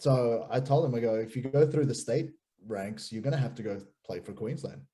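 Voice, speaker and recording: A man in his thirties with an Australian accent, a pastor guest chatting casually and telling animated stories with many restarts. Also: medium pitch, fairly quick. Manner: animated storyteller, repeats and restarts words. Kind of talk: casual chat.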